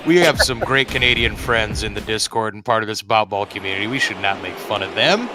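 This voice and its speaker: A man doing casual play-by-play commentary for a baseball game, relaxed and chatty, with many fillers and restarts. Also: lowish voice, a little fast, few pauses. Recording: music clearly in the background.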